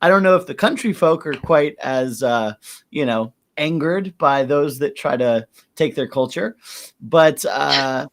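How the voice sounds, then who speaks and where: A man's voice: fairly high pitch, lively intonation, measured pace, a little hiss or hum. A man with a somewhat raised voice talking through a song review, swearing freely and laughing along. He keeps it casual and offhand. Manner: profane, laughing, loose. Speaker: music reviewer.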